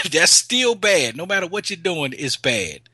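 A man's voice: high voice, big pitch swings, measured pace, sharp tone, breathy edge, no room sound. A man in casual podcast banter, loose and profane, laughing often and getting riled up. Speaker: co-host.

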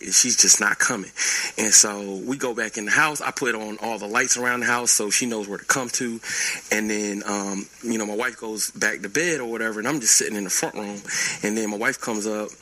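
A man's voice: on the low side, pushed and bright, poor audio. A young man calling in to tell a long story in a casual, rambling way, laughing at himself now and then. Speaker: caller leaving a voicemail.

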